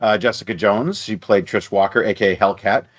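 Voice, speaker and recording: A man's voice: lowish voice, fairly even intonation, a little fast, highs cut off. A man co-hosting a movie podcast, rambling in casual chat with asides and swearing. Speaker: podcast co-host.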